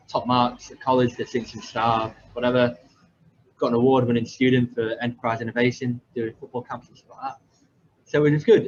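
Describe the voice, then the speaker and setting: A young man from England, a podcast host, telling his story in a rambling, self-deprecating way with many fillers and restarts. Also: mid-range voice. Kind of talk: casual storytelling. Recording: slightly dull lo-fi audio with faint background noise.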